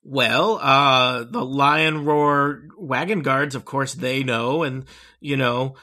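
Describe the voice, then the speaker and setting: A man's voice: mid-range voice, steady tone, takes it slowly, pushed and bright. A man voicing a small, fretful male gnome gem merchant who talks in a fussy, hesitant way. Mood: worried. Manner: fussy, hesitant, stumbling over words.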